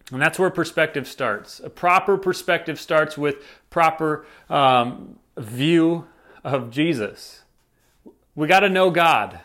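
A young man giving a relaxed sermon in a slightly high voice. He talks in an easy, conversational way, full of likes and fillers. He acts out quoted lines as he goes. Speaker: pastor. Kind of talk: casual sermon.

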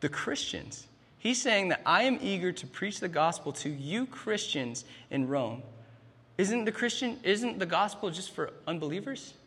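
A man's voice: high-pitched, big pitch swings, a little slow, a bit bright, breathy edge, long reverb tail. A man in his thirties preaching a sermon, emphatic, often starting lines with "man" and restarting phrases. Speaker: pastor.

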